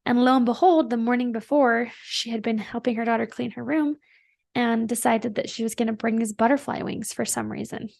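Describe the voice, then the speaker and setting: A woman's voice: on the high side, fairly even intonation, brisk, creaky, darkish tone, no echo. A woman hosting a podcast, telling a personal story in a chatty, earnest and emotional way, full of "like" fillers. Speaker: podcast host.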